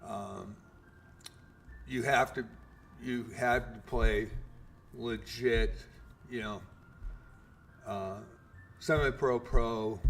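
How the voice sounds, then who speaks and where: A man's voice: medium pitch, steady tone, extremely slow, creaky, pauses often, fairly bright tone, a little hiss or hum. A man in his fifties, a game streamer, casually telling a long story with lots of fillers and mild swearing.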